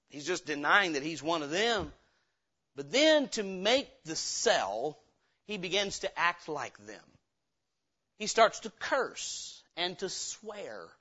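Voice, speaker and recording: High, bright-voiced preaching pastor. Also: male voice, highs cut off. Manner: preaching with rhetorical questions, swinging from quiet to loud. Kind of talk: sermon.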